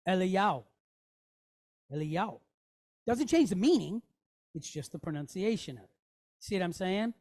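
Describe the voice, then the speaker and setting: Speaking at a medium pitch with a dark tone, a very animated woman teaches a Hebrew classroom lesson. She slowly and patiently sounds out letters and syllables, frequently checking with students through "okay?" and "right?"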